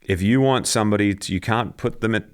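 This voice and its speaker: Deep-voiced reflective male podcast host. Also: fast, clear, resonant tone. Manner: reflective, many short backchannel agreements. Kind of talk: casual interview chat.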